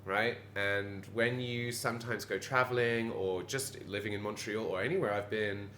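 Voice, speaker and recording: A man's voice: lowish voice, steady tone, moderate pace, bright, forceful tone, a little hiss or hum. A Quebecois-Canadian man, a pub landlord, talking animatedly in an interview, rambling with fillers and restarts. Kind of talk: conversational interview. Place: bar of an old pub. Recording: roomy pub with background ambience.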